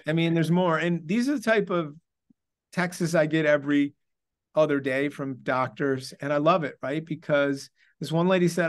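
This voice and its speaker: A man's voice: a little high, moderate pace. Man presenting clinic results. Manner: hesitant, filler-heavy, listing figures. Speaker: chiropractic device trainer. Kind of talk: casual presentation.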